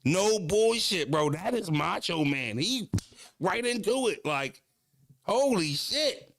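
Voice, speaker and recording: Laid-back gravelly-voiced male streamer. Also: high-pitched, expressive, slow pace, a bit bright, no room sound, clean studio sound. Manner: laid-back, swears freely, often laughs. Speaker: streamer reacting to clips. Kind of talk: casual reaction chat.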